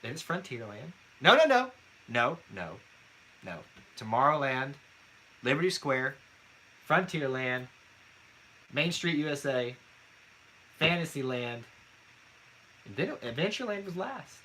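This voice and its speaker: A man's voice: medium pitch, very animated, measured pace, pauses often, pushed and bright, a little hiss or hum. A man co-hosting a live trivia night, reading out scores and teasing his co-host in a casual chat.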